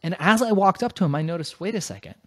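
Animated middle-aged man telling a story. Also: high voice, quick pace, dry recording, clean studio sound. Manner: animated, emphatic, swears casually. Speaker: interview guest. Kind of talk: casual storytelling.

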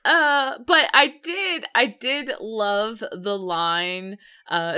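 A woman's voice: a little high, very slow, bright, forceful tone, clean tone. A woman co-hosting a podcast, chatting casually with meandering sentences and frequent giggles. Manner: meandering, many fillers and restarts, giggly. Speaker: podcast co-host. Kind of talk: casual chat.

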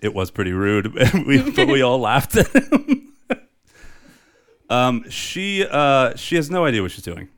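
A man's voice: mid-range voice, measured pace. A man co-hosting a podcast in casual chat, ranting and swearing as he talks. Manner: ranting, profane, animated. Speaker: podcast co-host.

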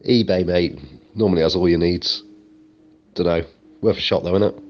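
A man in improvised comic chat, delivering absurd claims in a deadpan, matter-of-fact way. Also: sits low, normal speed, muffled recording.

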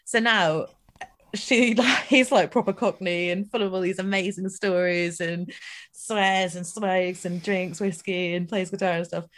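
A middle-aged woman chatting casually, telling animated anecdotes with laughter and swearing. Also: on the low side, measured pace. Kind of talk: casual storytelling chat.

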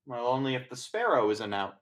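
A calm, secretive contact, which a man voices in a tabletop game, speaks quietly and in a conspiratorial tone. There is little change from his own voice. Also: mid-range voice, a little fast, close to an everyday voice.

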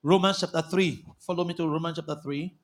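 A man preaching a sermon as a pastor, impassioned, bursting into shouts and calling for the congregation to answer back. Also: fairly high pitch, fairly even intonation, brisk. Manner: impassioned, calls out for congregation responses. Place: church service.

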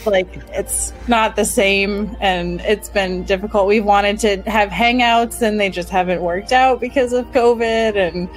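A woman's voice: medium pitch, fairly even intonation, measured pace, hardly any pauses, low-quality recording. A woman game master chats on a casual panel. She laughs often and trails off into restarts. Faint music runs underneath.

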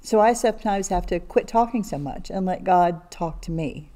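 A woman's voice: on the low side, moderate pace, mellow. An older woman co-hosting a casual Bible study chat, earnest and talkative. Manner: chatty, earnest, talks a lot.

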